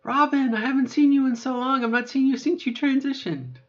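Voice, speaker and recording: A woman's voice: high-pitched, fairly quick, voice pushed up, lightly acted. A woman playing an effusive acquaintance, surprised and gushing at meeting an old friend, on a dull lo-fi recording.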